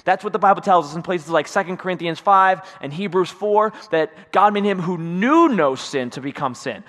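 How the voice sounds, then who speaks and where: A male pastor preaches in a church sanctuary, high-pitched and animated, at a moderate pace with a fairly bright tone and a big-room sound. His delivery is conversational, he acts out quotes, and he keeps asking "right?" to check in with listeners.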